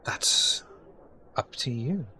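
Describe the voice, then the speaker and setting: A man voicing a courteous, quietly menacing older male vampire necromancer. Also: extremely slow, in a whisper, full character voice. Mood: smooth.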